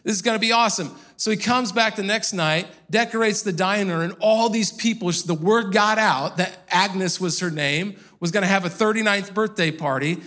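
A man's voice: sits high, normal speed, hardly any pauses, pushed and bright. A male pastor preaching a sermon in a church, telling a story in a loose, conversational way. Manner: conversational storytelling with casual fillers.

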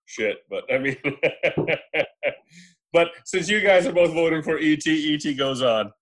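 A man's voice: a little high, animated, a little slow, fairly bright tone. A man in a casual podcast chat, giving rambling, opinionated takes on movies. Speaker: podcast panelist. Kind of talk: casual film discussion.

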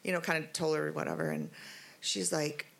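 A middle-aged woman giving a testimony at church, telling her story in an animated, rambling way with many fillers. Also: low voice, normal speed, gravelly. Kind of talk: spoken testimony.

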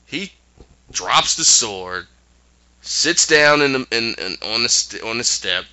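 A man's voice: mid-range voice, animated, slow, pauses often, pushed and bright, dull audio. A man co-hosting a podcast, casually retelling a show's plot with acted-out quotes. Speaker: podcast co-host recapping a show. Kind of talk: casual chat.

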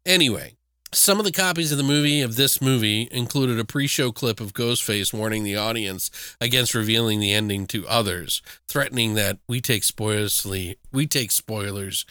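A man co-hosting a podcast in casual, animated chat, swearing freely as he rants. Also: mid-range voice, moderate pace, smooth, no room sound, studio quality. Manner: animated, profane, ranting. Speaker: podcast co-host.

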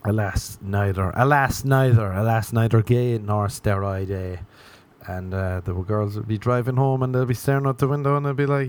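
A man's voice: lowish voice, fairly even intonation, moderate pace, a little mellow. A man with an Irish accent hosting his own podcast, rambling through a self-mocking comic monologue and slipping into acted inner voices. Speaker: podcast host.

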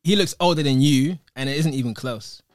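A man's voice: mid-range voice, brisk, no echo, studio quality. A man, co-hosting a podcast and teasing his guest in casual banter. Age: 20s. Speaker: podcast co-host. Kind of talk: casual chat.

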